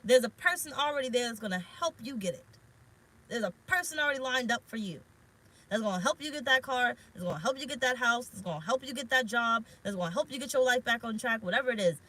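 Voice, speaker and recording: A woman's voice: on the high side, lively intonation, quick pace, sharp tone, poor audio. Frank, rambling woman tarot reader. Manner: rambling, frank, swears casually. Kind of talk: casual spiritual vlog talk. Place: parked car.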